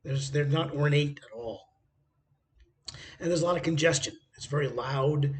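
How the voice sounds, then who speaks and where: A man's voice: fairly high pitch, normal speed. A man vlogging casually from a hotel room by a busy street, rambling through travel anecdotes with frequent hesitations.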